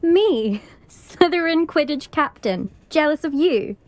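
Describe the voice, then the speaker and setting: A woman's voice: sits high, animated, slow pace, a little mellow. An actress playing a brash young female Quidditch captain who taunts her rival in a video game. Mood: taunting. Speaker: student rival.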